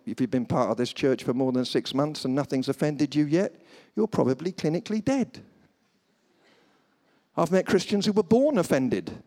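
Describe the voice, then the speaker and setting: Animated preacher with a lively voice. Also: male voice, mid-range voice. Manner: animated storytelling, slips into comic voices. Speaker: guest preacher. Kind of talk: humorous sermon. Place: church service before a congregation.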